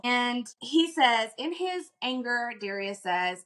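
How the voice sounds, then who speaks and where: A woman with a fairly high voice recaps a novel for a podcast audience. She talks in a casual, animated way and drops into a lower, faster voice for quick paraphrased quotes. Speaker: podcast co-host.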